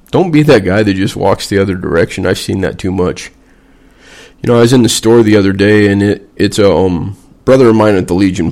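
A man's voice: on the low side, a little mellow. A man, a veteran vlogger, delivering a blunt, sarcastic and heavily profane casual rant.

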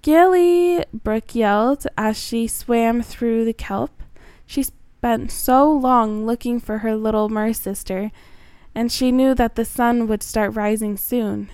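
Woman, storyteller, gentle earnest reading, smooth voice, dry sound. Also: a little high, fairly even intonation, slow, dry recording. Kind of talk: reading a homemade children's story aloud.

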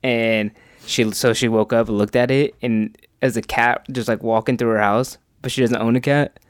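A man's voice: medium pitch, normal speed, dry recording. Young man, podcast co-host, laughs a lot, dry close-miked sound. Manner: laughs often, relaxed banter. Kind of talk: casual chat.

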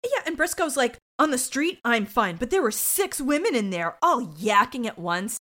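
Animated woman podcast co-host. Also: on the high side, normal speed. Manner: blunt, swears, acts out quotes. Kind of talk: casual chat recapping a TV episode.

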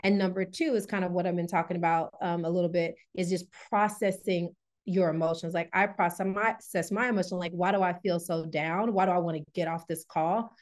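A woman in her thirties, a wellness coach guest on a podcast, telling personal stories in a candid, animated way, laughing often and acting out the voices of others. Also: fairly low pitch, a little fast. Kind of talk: candid conversational storytelling.

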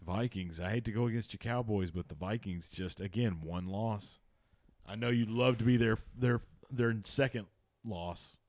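A man's voice: on the low side, normal speed, darkish tone, no echo. A man co-hosting a casual sports podcast, loose and profane, laughing and joking as he makes picks. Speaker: podcast co-host.

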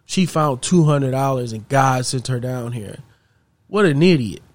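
A man's voice: mid-range voice, unhurried, no echo, lightly acted. A man voicing a scornful, spiteful wealthy boss who sneers and gives orders. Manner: sneering and commanding.

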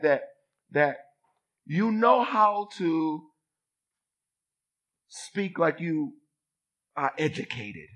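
A man in his fifties from Boston delivers a sermon with a bright, forceful tone. His voice sits a little high and swings widely as he draws the congregation in. He calls out for a response as he preaches. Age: 50s. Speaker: bishop.

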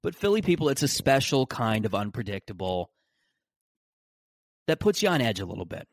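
A man's voice: mid-range voice, very animated, normal speed, dry recording, studio quality. A man hosting a podcast in a casual solo monologue, rambling and sarcastic, with frequent restarts. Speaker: podcast host.

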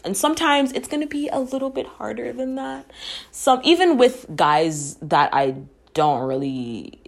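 A woman's voice: fairly high pitch, animated, unhurried, creaky. A young woman hosting a podcast, talking earnestly and reflectively, swearing casually, and at times emotional. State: emotional, near tears at times. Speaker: podcast host. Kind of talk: reflective personal talk.

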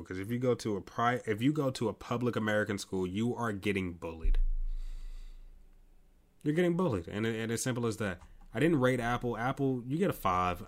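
Ranting tired man, low voice. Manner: ranting, exasperated, profane, many restarts. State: tired, yawning late at night. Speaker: podcast host. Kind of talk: casual solo commentary.

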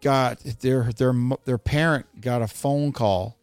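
A man co-hosting a crude, casual podcast, telling stories in a profane, animated way. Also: mid-range voice, takes it slowly, smooth, no room sound, soft background music. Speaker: podcast co-host.

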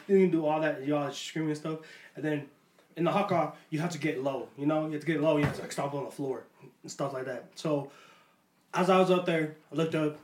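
A young man hosting a podcast, telling a story in a lively, casual way and laughing often. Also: fairly high pitch, a little fast. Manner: animated, laughs often while telling stories. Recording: echoey room with faint noise.

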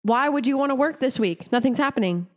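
A woman's voice: high voice, lively intonation, fast. A woman co-hosting a podcast in casual chat, blunt and sarcastic, laughing often. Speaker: podcast co-host.

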